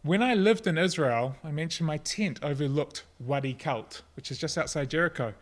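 A middle-aged man delivers a sermon with a slightly higher-than-usual voice. He speaks earnestly and personally, easing into softer, reflective passages. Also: normal speed. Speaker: pastor.

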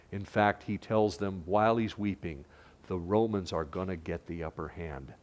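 Animated male preacher delivering a sermon. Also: moderate pace. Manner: animated preaching, rising in pitch for quoted lines and dropping to hushed tones. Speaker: pastor.

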